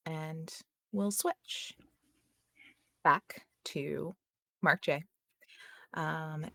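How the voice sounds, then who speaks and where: Woman, game master, tabletop narration, low-pitched, laid-back, descriptive.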